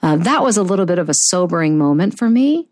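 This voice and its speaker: A woman in her fifties hosting a motivational talk show, earnest and encouraging, slowing down to stress key phrases. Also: on the low side, expressive, darkish tone. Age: 50s. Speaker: podcast host.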